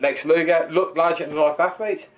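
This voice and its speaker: A man's voice: a little high, fairly even intonation, normal speed. A man, co-hosting a casual wrestling podcast, jokey and laughing often. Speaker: podcast co-host. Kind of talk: casual chat.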